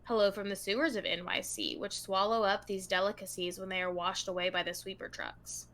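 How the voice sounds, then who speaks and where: A woman hosting a true crime podcast, her voice bright and forward. She reads long passages aloud in an easygoing, conversational way. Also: medium pitch, little pitch movement, brisk. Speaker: podcast co-host.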